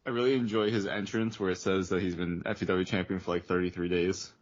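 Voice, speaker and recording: A man co-hosting a wrestling podcast, easygoing and measured. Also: deep voice, level tone, muffled recording. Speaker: podcast co-host. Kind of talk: casual wrestling review chat.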